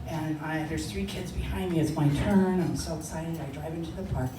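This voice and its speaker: An older woman telling a personal story, animated and laughing, acting out the voices of others. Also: low voice, moderate pace. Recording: echoey room, distant mic, noisy.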